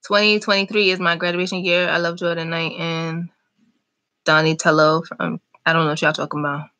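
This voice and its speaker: A young woman chatting casually on a live stream, reading and answering viewer comments in an animated, talkative way. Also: lowish voice, a little fast. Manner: chatty, animated, talks back to chat comments. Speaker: vlogger hosting a live chat.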